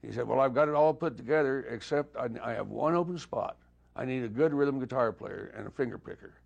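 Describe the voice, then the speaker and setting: Older man, gravelly voice, laid-back raconteur acting out old conversations. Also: mid-range voice, brisk, highs cut off. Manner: relaxed anecdotal storytelling, voices quoted dialogue. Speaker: guest musician. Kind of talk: storytelling interview.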